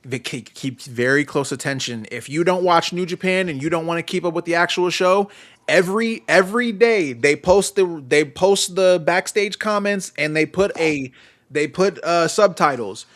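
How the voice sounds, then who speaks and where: A man hosting a casual wrestling podcast, excitable and profane, laughing often as he talks. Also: fairly high pitch, moderate pace. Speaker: podcast host.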